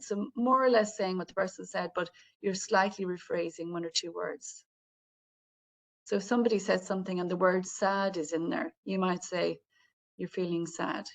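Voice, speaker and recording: A woman's voice: on the low side, fairly even intonation, moderate pace, gravelly. A woman giving an online training webinar over a video call, explaining things in a friendly way and speaking directly to the participants. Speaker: webinar presenter on healthcare communication.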